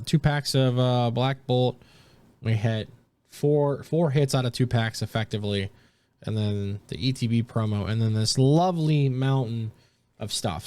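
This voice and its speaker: A young man giving casual, excited commentary while opening trading card packs as a streamer. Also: smooth. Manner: excited, jumps high in pitch at big pulls.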